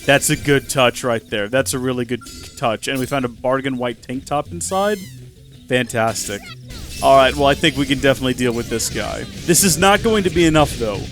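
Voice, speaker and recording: A man's voice: mid-range voice, moderate pace, a bit bright, soft background music. A man casually commenting on a video game with wry, chatty asides. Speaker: let's play host.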